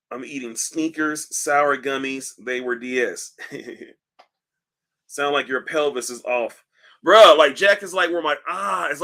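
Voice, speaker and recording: A man hosting a casual livestream, reading comments aloud in a loose, profane, animated way while in back pain. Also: on the high side. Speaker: livestream host. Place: indoors at home, seated.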